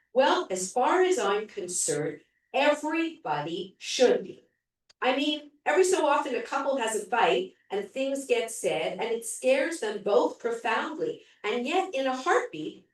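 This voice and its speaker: A middle-aged woman muses slowly and earnestly, searching for her words, as a woman reads her lines aloud. The voice rings through a very echoey room, caught from a distance. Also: medium pitch.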